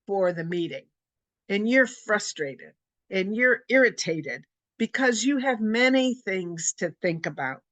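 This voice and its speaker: A woman presenting a webinar for religious leaders, teaching in a gentle, reflective way and often rephrasing her points. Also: medium pitch, dry recording. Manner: gentle, repeats and rephrases, addresses listeners as sisters. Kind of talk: slow, reflective teaching talk.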